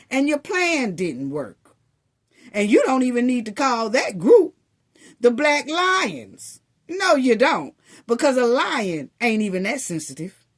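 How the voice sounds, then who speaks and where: Slow, sarcastic woman with a lively voice. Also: fairly high pitch. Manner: sarcastic, scolding, rhetorical questions. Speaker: commentary vlogger. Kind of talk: opinion commentary monologue.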